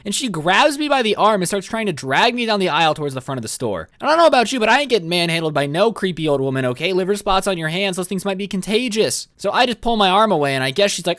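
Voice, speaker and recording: Young guy ranting fast bout his old job, pitch jumping everywhere, dry close mic. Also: no room sound. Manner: animated, sarcastic ranting. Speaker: vlogger. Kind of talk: storytime vlog.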